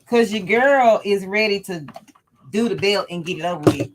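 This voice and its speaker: A sewing tutorial host leads a laid-back livestream lesson, chatting and laughing often with the people in her live chat. She speaks at a moderate pace in a mid-range voice.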